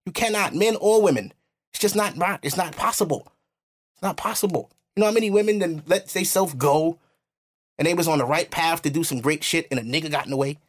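A young man hosting a casual podcast, lecturing bluntly and slipping into high mocking voices when he quotes people. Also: a little fast. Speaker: podcast host.

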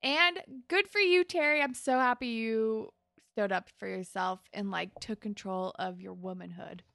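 A podcast co-host chats casually while recapping scenes from a TV episode, frank and sometimes sweary. Her medium-pitched voice is gravelly, pushed and bright at a moderate pace, in a dry recording.

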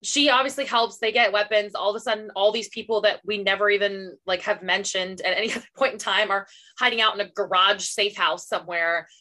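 A woman's voice: medium pitch, steady tone, brisk, hardly any pauses, bright, forceful tone. A woman co-hosting a casual book club podcast, blunt and sarcastic, swearing freely as she gives her opinions. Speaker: podcast co-host.

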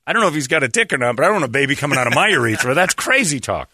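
A man hosting a show, ranting sarcastically and mimicking others in mocking voices. His pitch swings widely and his tone is bright and forceful. The sound is dry and close. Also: big pitch swings, rapid-fire, breathy edge, no echo. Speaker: radio show host. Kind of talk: sarcastic comedic rant.

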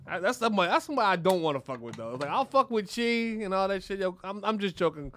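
A man's voice: sits high, lively intonation, fast talker, fairly bright tone. A man co-hosting a podcast, rambling through crude casual banter full of profanity and "you know what I'm saying.". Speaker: podcast co-host.

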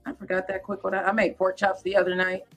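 A woman's voice: mid-range voice, completely flat delivery, fast, soft background music. A woman hosting a podcast, chatting casually with her guest and calling out to listeners. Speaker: podcast host. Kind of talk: casual interview chat.

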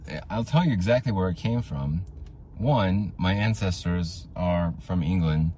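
A man hosting his own podcast, telling rambling, tangent-filled stories in a casual way, with audible vocal fry. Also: low-pitched, animated, normal speed, darkish tone, slight background noise. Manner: rambling, tangent-prone storytelling. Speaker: podcast host.

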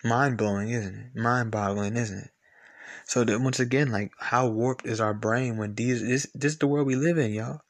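A podcast host rants casually in a blunt, profane, repetitive and argumentative manner. His voice is medium-pitched with fairly even intonation, at a normal speed.

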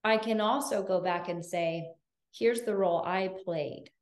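A woman's voice: mid-range voice, unhurried. A woman hosting a podcast, speaking earnestly and reflectively in casual conversation. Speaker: podcast host. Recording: roomy echo.

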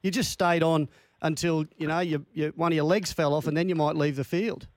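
Australian man, radio host, chatty, folksy, fairly high pitch. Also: steady tone, brisk, darkish tone, no room sound. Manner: chatty, folksy, leads with anecdotes. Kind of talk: casual sports radio interview.

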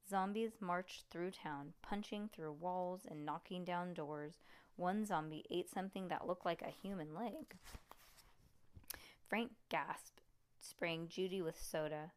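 A woman reading a storybook aloud to a child in a lively, expressive way. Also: on the low side, unhurried, clear, resonant tone.

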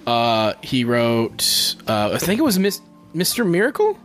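A man's voice: mid-range voice, huge pitch swings, unhurried, faint music behind. A man hosting a casual podcast, rambling and hesitant, with a lot of profanity.

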